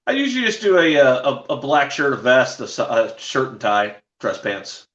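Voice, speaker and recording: A ring announcer spins casual stories as a guest. His voice sits in an ordinary male range and comes through a muffled, lo-fi remote line. The room around him rings with a roomy echo. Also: moderate pace. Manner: animated anecdotes, jumps to a higher pitch when quoting people. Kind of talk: casual storytelling interview. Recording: echoey, dull lo-fi remote audio.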